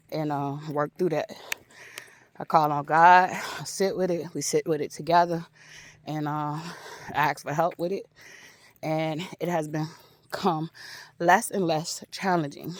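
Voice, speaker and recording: A woman's voice: low-pitched, no echo. A woman talking reflectively in a casual spiritual vlog outdoors on her phone, a bit out of breath after a walk and laughing often. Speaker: vlogger.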